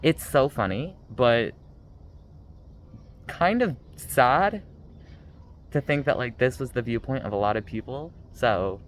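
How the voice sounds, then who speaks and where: Guy doing a chaotic book review rant, sarcastic, rambles a lot, mid pitch. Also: lively intonation, takes it slowly, long pauses, slight background noise, poor audio. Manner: rambling, sarcastic, many fillers. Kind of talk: casual ranting book review.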